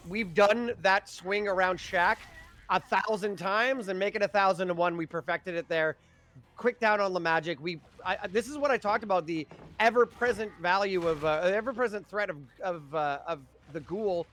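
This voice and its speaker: A man's voice: high-pitched, moderate pace, fairly bright tone. A man co-casting a live esports match, rambling and restarting his sentences with frequent laughs. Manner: rambling, self-interrupting, laughs often. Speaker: esports co-caster.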